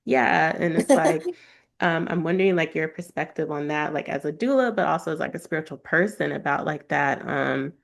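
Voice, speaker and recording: A woman hosting a casual podcast conversation, asking questions in a halting way full of fillers. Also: low-pitched, creaky. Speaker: podcast co-host.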